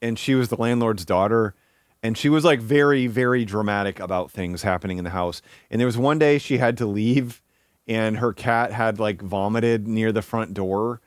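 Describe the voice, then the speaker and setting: A man's voice: on the low side, moderate pace, clear, resonant tone, no room sound, studio quality. Rambling young man on a live stream. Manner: rambling, with many fillers and restarts. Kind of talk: casual live-stream chat.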